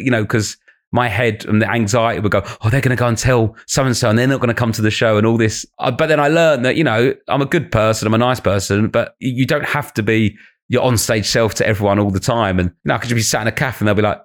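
A man, a comedian telling quick anecdotes as a podcast guest, laughing and swearing casually. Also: medium pitch. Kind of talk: casual podcast chat, storytelling.

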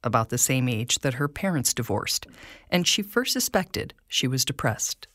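A woman co-hosting a podcast, narrating scripted segments in an expressive storytelling manner. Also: rumbling low, moderate pace, no room sound, clean studio sound. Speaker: podcast co-host.

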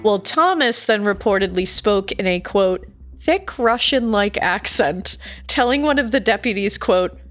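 Lively jokey woman podcast host. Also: medium pitch, measured pace. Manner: jokey, laughs often, reads out quotes. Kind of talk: casual true-crime chat.

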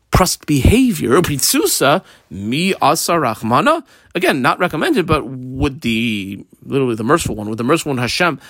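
A man teaching a Talmud class page by page, reading Aramaic terms and explaining them quickly in English. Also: medium pitch, fairly bright tone, no echo, clean studio sound.

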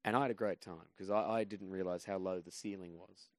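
Low-voiced comedian guy rambling thru funny stories on a podcast, dry mic. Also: steady tone, fairly quick, no echo. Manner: rambling, self-deprecating anecdotes. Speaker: guest comedian. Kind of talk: casual podcast storytelling.

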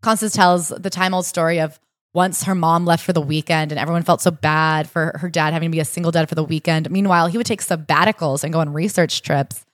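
A woman co-hosting a podcast, retelling a book's story in a casual, animated way and acting out the quotes. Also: low voice, quick pace, no room sound, clean studio sound. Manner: animated storytelling, acts out quotes with rising indignation. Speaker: podcast co-host. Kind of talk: casual book discussion.

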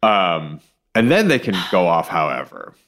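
A man co-hosting a podcast, his voice sitting low but swinging up and down with lively, animated intonation. He talks things through in a thoughtful, hedging way, wandering into side points before landing on his idea, recorded on a close studio microphone. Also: a little slow. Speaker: podcast co-host. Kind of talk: casual podcast discussion.

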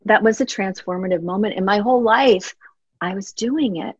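A woman's voice: mid-range voice, a little fast, slightly rough, no room sound, lo-fi sound. A middle-aged woman, an author and guest, speaking earnestly and from the heart in a reflective interview, often acting out her own past words.

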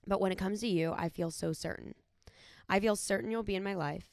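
A woman's voice: mid-range voice, fairly quick, dry recording, studio quality. A woman in her thirties, a podcast co-host, reading her wedding vows aloud in a tender, sincere way.

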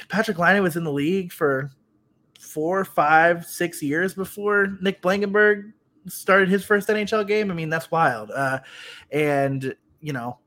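Male podcast co-host, slightly high voice, chatty and loose with restarts. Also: fairly bright tone. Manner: chatty, lots of restarts and "you know". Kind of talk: casual podcast chat.

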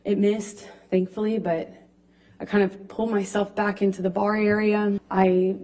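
A woman in her thirties giving testimony as a witness in a courtroom, speaking haltingly with frequent restarts into a witness stand microphone. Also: mid-range voice, level tone, a little mellow.

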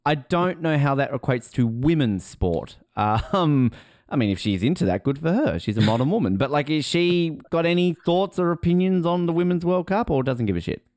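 A man's voice: a little high, animated, moderate pace, a little mellow, no echo, studio quality. A man hosting a casual podcast chat, joking and teasing as he reads out fun facts. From Australia. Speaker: podcast host.

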